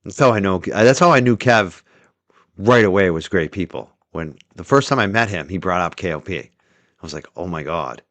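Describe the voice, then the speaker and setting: In a relaxed, talkative stream, a man thanks viewers as he reads their super chats, laughing with ease and quietly trailing off. He's low-pitched and animated, speaking at a moderate pace with no room sound.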